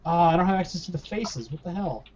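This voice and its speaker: A man's voice: sits high, lively intonation, fast, darkish tone, dull audio, slight background noise. A man co-hosting a casual chat stream, joking and laughing often. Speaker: co-host.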